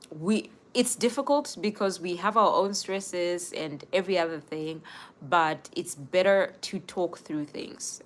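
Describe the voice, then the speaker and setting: Low-voiced woman giving live-stream advice. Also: fairly bright tone. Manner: earnest, advising viewers directly. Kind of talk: casual live-stream talk.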